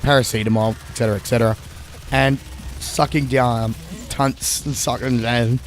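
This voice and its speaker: An Australian man with a sore throat co-hosts a gameplay video, rambling through a crude story in casual chat. His voice is medium-pitched and steady at a moderate pace, with slight background noise.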